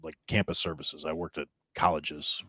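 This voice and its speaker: A man's voice: rumbling low, flat delivery, normal speed, slightly rough, no echo, studio quality. A man from Illinois, a chef guest on a podcast, telling stories in casual chat and acting out quoted lines. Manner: storytelling, acts out loud quotes.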